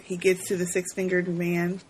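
A woman's voice: lowish voice, monotone, normal speed, darkish tone, rough recording. A woman co-hosting a podcast, casually recapping a movie, often laughing and asking questions. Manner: laughing, playful, asks questions. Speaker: podcast co-host.

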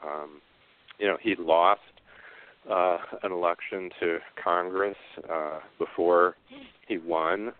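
A male author being interviewed, speaking haltingly with many fillers and restarts. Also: deep voice, fairly even intonation, smooth. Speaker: author guest. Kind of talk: casual interview talk. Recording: phone line.

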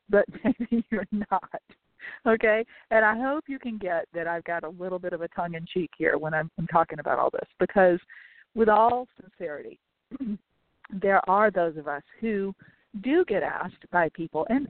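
A woman's voice: medium pitch, no room sound. Chatty woman podcast host, tinny dry audio. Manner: chatty and tongue-in-cheek, with repeated emphasis. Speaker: podcast host and business coach. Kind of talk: solo podcast monologue. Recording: tinny phone-like sound, dry.

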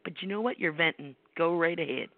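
A middle-aged American psychic medium hosts a call-in show, telling personal stories bluntly and emphatically with salty language and rhetorical questions. Her fairly low voice is brisk, carried over a tinny, dry phone line with a little hiss or hum.

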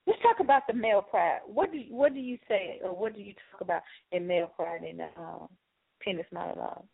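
A woman's voice: medium pitch, expressive, a little fast, vocal fry, slightly rough. A woman hosting a talk show, asking short questions. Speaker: host. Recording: tinny phone-line audio.

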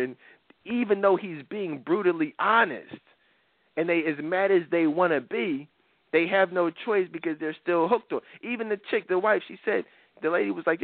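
A man's voice: sits high, normal speed, dry recording. A man in his thirties hosting a talk show, giving blunt opinions in a rambling way with lots of fillers. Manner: blunt, rambling, frequent "you know" fillers. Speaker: podcast host. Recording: dry, phone-like narrow sound.

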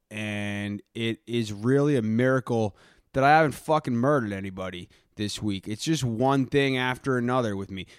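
A brash man hosts his podcast in a self-important rant, swearing at nearly every turn. His voice sits at an ordinary middle pitch. The sound is dry and close, with no room around it. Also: a bit bright, clear, resonant tone, dry recording. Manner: brash, boastful, profane ranting; self-important, complains at length. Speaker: podcast host. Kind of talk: comedic character monologue.

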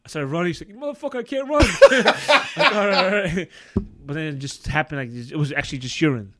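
A man's voice: a little high, expressive, quick pace, pushed and bright. A man, a podcast guest chatting casually, swearing a lot and laughing through his stories. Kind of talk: casual chat.

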